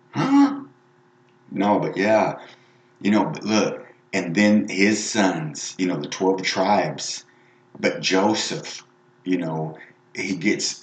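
A deep-voiced man preaches informally, rambling and emphatic, with a lot of asides. The sound rings around a roomy space. He talks plainly to his listeners as a lay evangelist. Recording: roomy echo.

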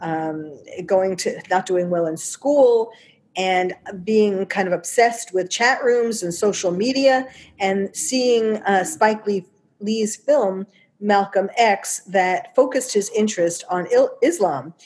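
A woman's voice: mid-range voice, slow pace, darkish tone. A woman with a New York accent giving casual spoken commentary, chatty, with many fillers and restarts.

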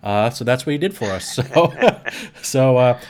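A male podcast host with a mid-pitched voice talks in a relaxed, meandering way. He fills the gaps with pauses and easy laughter. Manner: laid-back, rambling with fillers, laughs easily. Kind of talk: casual chat.

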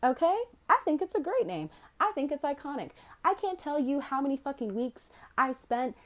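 A woman's voice: sits high, moderate pace. A young woman hosting her own podcast, ranting brashly and swearing freely as she tells stories. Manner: brash, profane, animated storytelling. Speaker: podcast host. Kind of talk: solo podcast rant.

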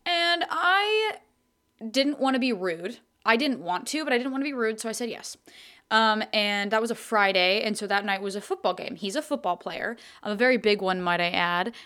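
A woman's voice: mid-range voice, expressive, moderate pace, bright, forceful tone. A young adult woman co-hosting a podcast, telling a story in casual chat, swearing freely and laughing often. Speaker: podcast co-host.

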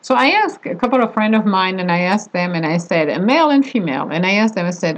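A young adult woman vlogger telling a personal story in a rambling, animated way, laughing as she goes. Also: medium pitch, fast talker, hardly any pauses, poor audio. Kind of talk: casual storytelling monologue.

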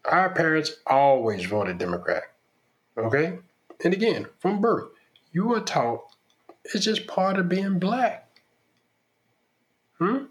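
A man hosts a podcast monologue, laying out his opinions in an emphatic, preachy way. His voice sits a little high and moves around a great deal. He keeps pressing his points with repeats and rhetorical questions. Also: big pitch swings, takes it slowly, long pauses. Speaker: podcast host.

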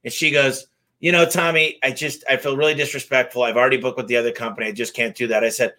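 An energetic man tells his stories in a bright, forceful voice. He sits at a middling pitch and jumps into the dialogue, playing everyone in his tale. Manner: energetic, fast-moving anecdotes with acted-out dialogue. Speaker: garage door company owner, guest. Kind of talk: casual interview storytelling.

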